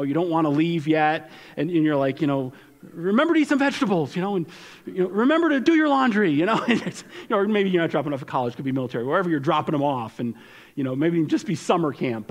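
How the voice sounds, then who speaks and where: A man preaching a sermon as pastor, speaking conversationally and repeating phrases for emphasis, with his voice dropping softly at key lines. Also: a little high. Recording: long hall reverb.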